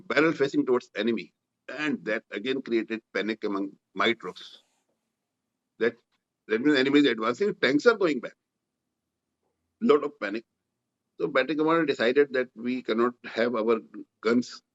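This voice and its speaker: Older Indian man, muffled war storytelling. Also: medium pitch. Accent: Indian English. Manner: vivid, reenacts dialogue with rising intensity. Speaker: war veteran guest. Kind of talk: storytelling in interview.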